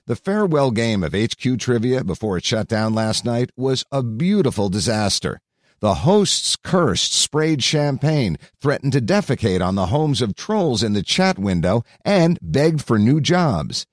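A man's voice: on the low side, a little slow, no room sound, studio quality. A man reading a tech news article aloud, playing up the quoted lines with lots of energy. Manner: animated, acts out quoted lines loudly. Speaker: article narrator.

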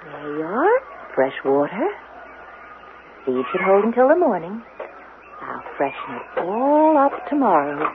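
A woman's voice: mid-range voice, sing-song, a little slow, long pauses, noisy background. An actress playing a nervous scheming woman who keeps caged birds in a 1970s radio drama, anxious and fretful. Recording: narrow-band old radio broadcast.

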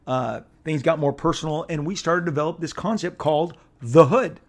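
Speaking a little fast in a voice on the high side, a middle-aged comic book artist from Southern California rambles through a casual anecdote. He's animated throughout, with many fillers and restarts.

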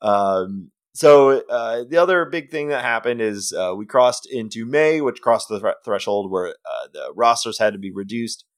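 A man's voice: lowish voice, lively intonation, normal speed, hardly any pauses. A man co-hosting a sports podcast in casual chat, talking hesitantly with many fillers. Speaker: podcast co-host.

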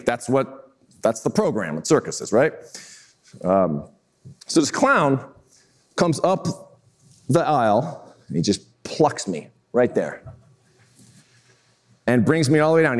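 Animated man in his fifties telling stories. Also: mid-range voice. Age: 50s. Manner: animated, self-mocking storyteller who acts out scenes. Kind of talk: keynote-style storytelling talk.

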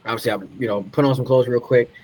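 A man, a guest on a podcast, telling stories in a relaxed way, laughing often and repeating words for emphasis. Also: mid-range voice, very fast, rough recording. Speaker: podcast guest, retired pro soccer player. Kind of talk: casual storytelling.

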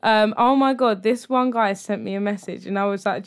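A woman's voice: medium pitch, steady tone, normal speed, clean tone. A young woman co-hosting a casual podcast, frank and joking, swearing casually. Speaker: podcast co-host. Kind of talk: casual chat.

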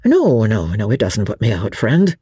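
Hearty young lord, lively and exuberant, voiced by a woman reader. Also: a bass voice, normal speed, husky, no echo, studio quality, full character voice. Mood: jovial. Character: jovial young English lord, hearty and bold.

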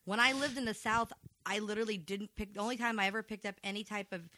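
A woman's voice: medium pitch, fairly even intonation, fast talker, sharp tone, no room sound. A woman guest on a podcast, chatting candidly about a movie, telling stories and swearing freely. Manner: blunt, candid storyteller who swears. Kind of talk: casual movie discussion.

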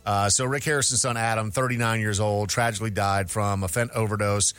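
A man's voice: fairly low pitch, fairly even intonation, a little fast, a bit bright, clear, resonant tone, dry recording, soft background music. A male radio host in casual chat, steadily summarizing entertainment news stories.

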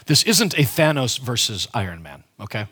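A pastor preaches in a relaxed, conversational style, hitting key words hard and frequently starting sentences over. He speaks at a moderate pace in a middle-pitched voice that's a bit husky and breathy.

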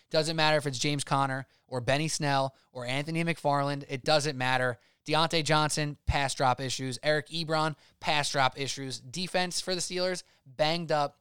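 A man co-hosts a sports betting podcast, firing off emphatic, rapid-fire picks. His voice is smooth and a touch high. The sound is dry and close. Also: fairly bright tone, no echo. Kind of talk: casual sports betting chat.

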